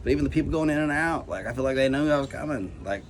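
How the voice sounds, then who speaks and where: Very fast and lively in intonation, this medium-pitched male vlogger rants casually about anxiety to his camera. He rambles, curses a lot, and leans on "like" and "you know" constantly, over a noisy background hiss.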